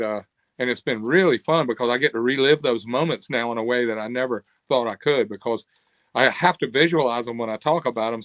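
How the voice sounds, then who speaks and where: An older man, an interview guest telling stories in a lively, animated way. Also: medium pitch, no echo. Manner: animated storyteller, acts out quoted voices. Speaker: interview guest, cam company owner. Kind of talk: casual interview storytelling.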